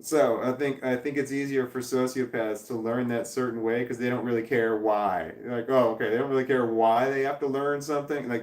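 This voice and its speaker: A middle-aged man with a medium-pitched voice rambles through a casual chat, tripping over restarts and dropping blunt curses. His voice bounces around a roomy, echoey space. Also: fairly even intonation, brisk, few pauses, a little mellow. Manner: rambling, frequent restarts and fillers, blunt swearing. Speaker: vlogger reading viewer comments.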